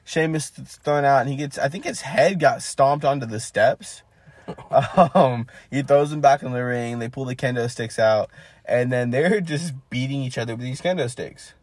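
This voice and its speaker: A man's voice: medium pitch, moderate pace, no echo. A man co-hosting a podcast, giving a rambling, casual play-by-play recap with lots of filler. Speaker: podcast co-host.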